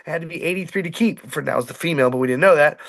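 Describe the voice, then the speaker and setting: A middle-aged man, a fishing boat captain, telling animated stories in casual chat and acting out shouts and quotes. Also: fairly high pitch, racing, gravelly. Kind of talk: casual storytelling on a podcast.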